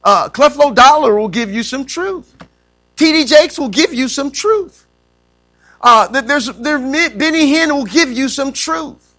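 A pastor with a very high-pitched, expressive voice preaches a little slowly in a bright, forceful tone. He pauses to have the congregation fill in words and draws out key phrases for emphasis.

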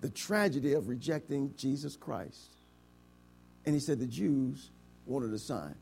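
A pastor preaching a sermon to his congregation, swinging from loud declarations to hushed words and stretching key phrases, with frequent rhetorical questions. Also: medium pitch, expressive, measured pace, vocal fry, slight background noise.

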